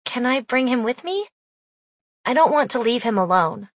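Woman doing a soft-hearted young girl. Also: a little high, lively intonation, normal speed, no room sound. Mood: tender.

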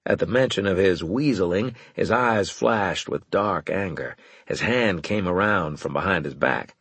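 A man narrating a first-person audiobook with wry, lively storytelling. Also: low voice, a little slow, breathy edge, no echo.

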